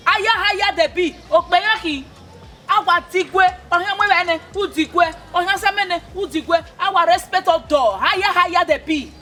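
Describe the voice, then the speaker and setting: A woman's voice: very high-pitched, a little slow, sharp tone, full character voice. A woman playing an older village elder, lecturing in a mix of pidgin and local words.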